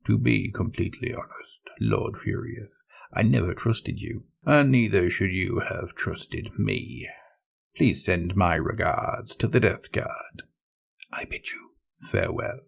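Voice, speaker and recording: A man voicing a calm, smug, scheming mad scientist who speaks softly and slowly, with a gravelly edge. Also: lowish voice, full character voice. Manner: soft, slow and smug.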